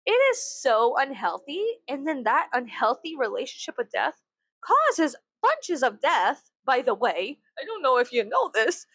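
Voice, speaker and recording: A young woman from the States talks casually to her viewers, rambling and profane, with "like" in almost every sentence. Her voice sits a bit high for a woman and sounds dry and close to the mic, with no room around it. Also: big pitch swings, unhurried, a bit bright, no echo. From United States. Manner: rambling, profane, filler-heavy with frequent "like". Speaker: vlogger. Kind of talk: casual chat to camera.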